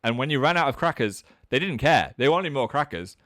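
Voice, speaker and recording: A man in his thirties, hosting a casual livestream chat in a chatty, self-mocking way and jumping up in pitch for comic voices. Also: animated, a little fast, fairly bright tone, dry recording, clean studio sound. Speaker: livestream host.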